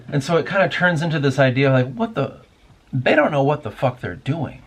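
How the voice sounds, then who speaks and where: A man's voice: fairly high pitch, sing-song, a little fast, slight background noise. A man hosting a casual spoken monologue, rambling and musing aloud with plenty of swearing. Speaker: podcast host.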